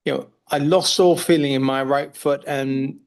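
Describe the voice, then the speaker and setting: A man's voice: medium pitch, fairly even intonation, normal speed. Man in his fifties telling stories. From Canada. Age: 50s. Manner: rambling storyteller who acts out what others said. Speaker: guest. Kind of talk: casual conversation.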